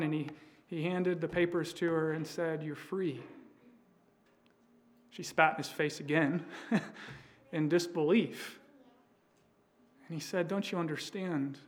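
A pastor preaching a sermon, telling a story with frequent fillers and restarts. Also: male voice, fairly high pitch.

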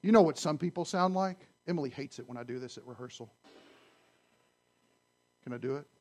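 A man preaching a sermon to his congregation, conversational and animated, often asking the audience questions. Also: a little high, a little fast. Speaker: pastor. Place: church sanctuary.

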